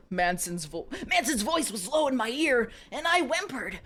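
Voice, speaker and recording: A young woman with a high, very lively voice reads spicy fiction aloud to her stream. She keeps breaking off to giggle and say sorry, and her pitch swoops up and down as she goes. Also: normal speed.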